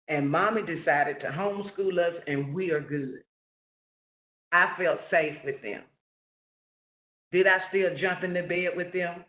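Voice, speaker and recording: Slow, earnest man on a tinny line. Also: on the high side. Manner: slow, earnest storytelling with rising questions. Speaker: webinar presenter sharing family story. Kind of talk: personal story reading. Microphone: webinar call. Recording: roomy, phone-like lo-fi webinar audio.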